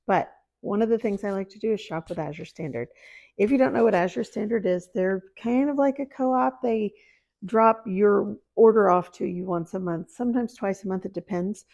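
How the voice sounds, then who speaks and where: A middle-aged woman from the American Deep South, who runs a homesteading vlog, chats casually to the camera about her homestead and her faith, laughing at herself as she goes. Her voice has a gravelly, dark tone.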